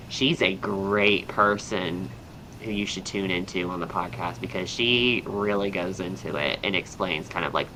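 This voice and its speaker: Young Southern male podcast host, bright tone, chatty and rambling, light background hiss. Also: on the low side, rough recording. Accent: Southern American. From American South. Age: young adult. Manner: chatty, upbeat, rambling with fillers. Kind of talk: casual chat.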